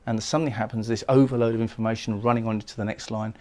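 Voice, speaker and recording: A man lecturing on a poem, explaining it thoughtfully and sometimes pausing to restart a phrase. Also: fairly low pitch, steady tone, warm tone. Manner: reads verse lines slowly and solemnly. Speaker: poetry lecturer. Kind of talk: recorded lecture analysing a poem.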